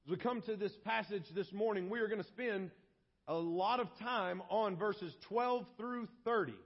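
A man preaching a sermon as pastor, walking slowly through Bible verses and now and then acting out short scenes. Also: high voice. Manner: explains verses slowly, acts out scenes in voices. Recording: dull lo-fi sermon audio.

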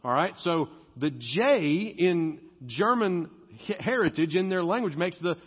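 A young adult male pastor, preaching conversationally in a church and slowing to stress key words. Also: high-pitched, expressive, breathy edge. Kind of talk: sermon. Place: church sanctuary. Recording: dull sound with long hall reverb.

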